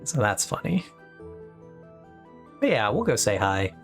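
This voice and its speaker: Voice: medium pitch, sing-song, measured pace, soft background music. Chatty young streamer rambling on stream. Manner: chatty, rambling, upbeat asides. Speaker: live streamer. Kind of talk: casual live-stream chat.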